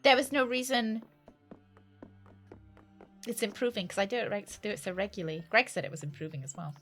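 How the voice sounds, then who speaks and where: A woman's voice: medium pitch, fairly quick, fairly bright tone, faint music behind. A young woman with a British accent chatting playfully with her viewers while streaming a game. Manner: chatty, playful, teasing banter with chat. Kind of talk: casual let's-play chat.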